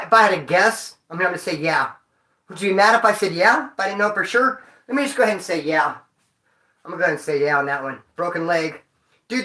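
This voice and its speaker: A man's voice: high voice, sharp tone, reverberant. A man vlogging, telling stories to his viewers in a rambling, profane way full of street slang. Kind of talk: casual storytelling to viewers.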